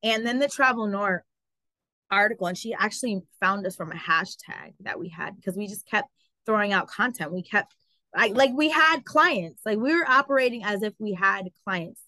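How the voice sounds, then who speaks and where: A woman telling her story as an interview guest, animated and full of fillers like "like" and "um". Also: mid-range voice, normal speed, dry recording, rough recording. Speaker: guest, travel business owner. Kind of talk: casual interview.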